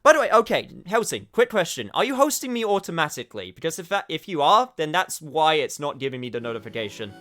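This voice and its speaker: A man's voice: on the high side, very animated, quick pace, few pauses, fairly bright tone. A man casually commenting on a game he is playing, chatting to viewers and swearing now and then. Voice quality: chatty, swears, talks to chat. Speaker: streamer. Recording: faint game music behind.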